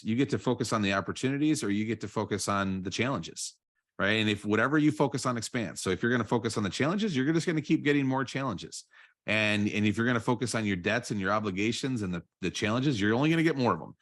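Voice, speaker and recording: A man's voice: lowish voice, a bit bright. A man guesting on a podcast as a real estate coach, talking earnestly and repeating phrases, often checking in with "right?". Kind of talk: podcast interview.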